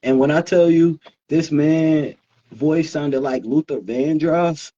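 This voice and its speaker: A man co-hosting a casual chat show, telling stories in a relaxed way with lots of fillers and laughs. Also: fairly high pitch, slow, lo-fi sound. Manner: relaxed storytelling, laughs often, many fillers. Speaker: co-host.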